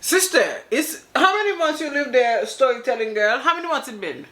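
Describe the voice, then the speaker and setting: A woman's voice: high voice, sing-song, moderate pace, a bit bright. A woman hosting a reaction video, talking casually in slang, laughing often and speaking straight to the person in the clip.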